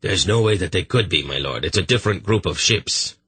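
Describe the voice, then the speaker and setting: Gruff old sea captain, as a man reads him. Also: animated, brisk, a bit bright, no echo, full character voice. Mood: wary. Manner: deferential, low gruff voice.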